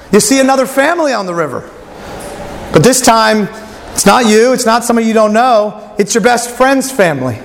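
A man's voice: high voice, in a large hall, a little hiss or hum. A male pastor preaching a sermon, telling a story and acting out its voices.

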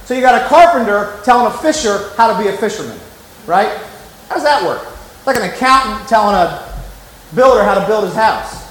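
A man's voice: sits high, animated, fairly quick, a bit bright, echoey room, rough recording. A man preaching a sermon as pastor, emphatic and conversational, often acting out the voices he quotes.

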